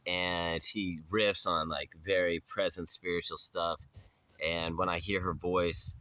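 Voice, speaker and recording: A young man with a very low-pitched voice and a bright, forceful edge rambles casually to the camera. He is laid-back and slangy, swears freely and drifts into talk about spirituality and being present. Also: smooth. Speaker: vlogger.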